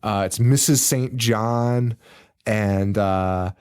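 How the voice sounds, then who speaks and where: Drawing out his words in a lowish voice, a man on a podcast describes a movie's plot, and the recording sounds clean. As co-host, he dramatizes the characters' screams and lines, swearing freely and laughing along.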